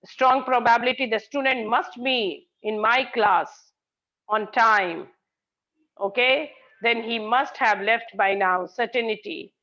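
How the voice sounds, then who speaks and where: A woman's voice: a little high, slow, sharp tone. A woman teacher, giving an online grammar class. She praises students and explains by repeating example sentences. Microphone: video call. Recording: dull lo-fi call audio.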